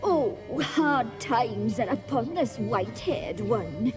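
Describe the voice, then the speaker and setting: Sinister old witch crone, highish voice, slow and ominous. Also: expressive. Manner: ominous, portentous. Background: game music.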